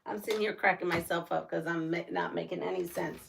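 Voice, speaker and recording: A woman vlogger talks in a relaxed, rambling way as she works on a quilt. Her voice carries a gravelly fry, and she keeps circling back to her own tangents. A faint hiss of noise sits under the recording. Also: on the low side, a little fast. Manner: chatty, rambling, laughs at herself. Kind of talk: casual chat while quilting.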